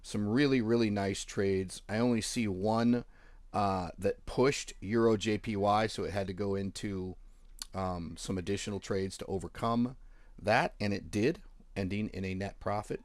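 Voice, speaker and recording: A man's voice: fairly low pitch, fairly even intonation, normal speed, no room sound. A man hosting a trading channel, casually walking viewers through charts and accounts with offhand jokes. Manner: offhand, joking, talks while clicking through charts. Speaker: forex trading channel host. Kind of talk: casual screen-share walkthrough.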